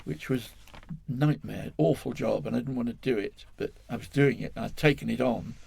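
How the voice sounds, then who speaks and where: An older Englishman recounting an old story to an interviewer, wandering and correcting himself as he goes. His voice is gravelly and slightly husky. The sound is close and dry. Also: mid-range voice, moderate pace, a little mellow, no room sound. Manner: rambling, self-correcting, chuckling storyteller. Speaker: guest.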